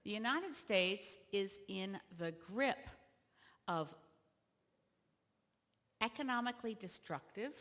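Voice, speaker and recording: A woman from Canada, a party leader, giving an animated convention keynote speech that rises to loud emphatic peaks. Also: mid-range voice. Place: large convention hall. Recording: long reverb of a large hall.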